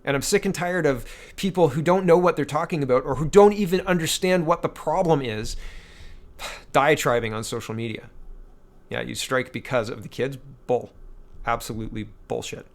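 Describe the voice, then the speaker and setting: A man's voice: a little high, normal speed. A man in his thirties from Canada, hosting a casual solo political commentary with a blunt, exasperated and sarcastic manner.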